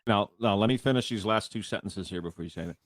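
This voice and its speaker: A man's voice: lowish voice, fast talker, no echo, clean studio sound. A man co-hosting a podcast in casual chat, amused and chatty. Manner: amused, reading aloud with laughs. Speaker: podcast co-host.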